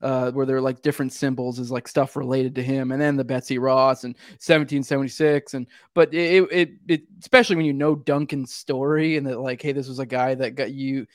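A man's voice: medium pitch, fairly even intonation, fairly quick, few pauses, no room sound, clean studio sound. A man hosting a podcast, talking casually in a rambling, filler-heavy way. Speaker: podcast host.

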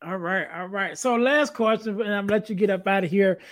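A man with a notably high voice hosts a casual podcast conversation. He lays out his points methodically, one by one, and repeats them back. The sound is dry and close, with no room echo. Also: a little fast. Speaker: podcast host.

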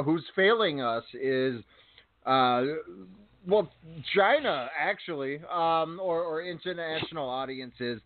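A man's voice: medium pitch, no echo. A man co-hosting a podcast, bantering in a joking, irreverent way with some swearing. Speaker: podcast co-host. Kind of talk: casual chat. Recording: tinny phone-like dry sound.

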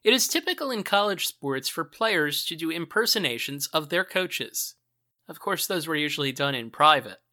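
A man hosting and narrating a podcast with a measured storytelling delivery. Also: a little high, expressive, pushed and bright. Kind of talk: scripted narration.

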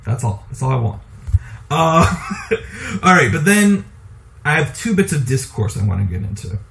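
Animated opinionated man on a podcast. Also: fairly high pitch, normal speed, gravelly, a little hiss or hum. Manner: animated, opinionated, laughs often. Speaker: podcast co-host. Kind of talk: casual movie discussion.

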